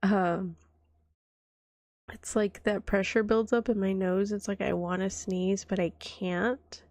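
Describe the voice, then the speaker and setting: A woman speaks in a whispered role-play, nursing a cold that leaves her coughing. She talks slowly and drifts off mid-thought, her voice carrying a gravelly fry. The close microphone sounds dry, with no room in it. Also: medium pitch, fairly even intonation, no echo. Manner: soft-spoken, rambling, trailing off. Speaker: vtuber streamer.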